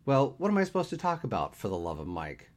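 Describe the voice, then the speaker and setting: A man's voice: medium pitch, huge pitch swings, fast talker, a little mellow, pitched above the performer's own voice. A man voicing a whiny, melodramatic man about to turn thirty, in a read-aloud story. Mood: sulky. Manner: whining, theatrical.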